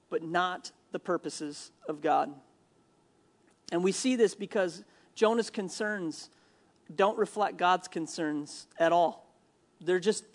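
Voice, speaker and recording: A male pastor from Minnesota preaching a sermon in a church, animated and jokey, acting out the people he quotes. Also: sits high. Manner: animated, jokey asides, acts out quoted lines.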